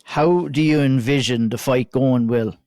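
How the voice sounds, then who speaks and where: An Irish man hosting a podcast interview, asking measured questions and complimenting his guest. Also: medium pitch, a little mellow, no echo, clean studio sound. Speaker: podcast host.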